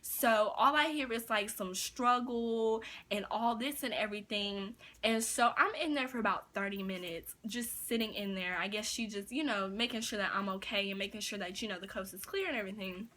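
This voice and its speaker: A woman's voice: medium pitch, normal speed, hardly any pauses, pushed and bright. A young woman vlogger telling a story in a casual, chatty way, full of fillers like "like" and "you know.".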